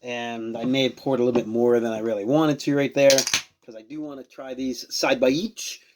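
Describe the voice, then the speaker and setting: A man's voice: medium pitch, level tone, moderate pace, background noise. A man casually reviewing and tasting beers on a show he hosts, rambling and searching for words as he goes. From Rhode Island. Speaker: beer reviewer.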